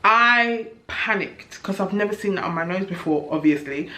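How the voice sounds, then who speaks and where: A woman's voice: mid-range voice, measured pace, hardly any pauses, bright, forceful tone. A young woman chatting candidly and with exasperation in a review vlog, laughing at herself now and then. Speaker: vlogger. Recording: echoey room.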